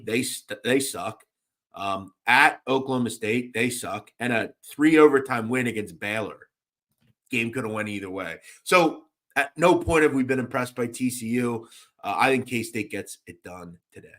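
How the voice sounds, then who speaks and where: A young man talks through basketball betting picks in a loose, animated way, riffing between games and calling out to listeners in the chat. His voice sits at an ordinary middle pitch, and his talk is casual and full of fillers. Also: moderate pace. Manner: animated, chatty, shouts out chat viewers. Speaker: sports betting radio host.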